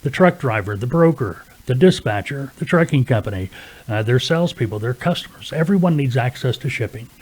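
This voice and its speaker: A man's voice: medium pitch, expressive, fairly quick, darkish tone. Plain-spoken man coaching sales calls. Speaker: freight broker trainer. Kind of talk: instructional talk to camera.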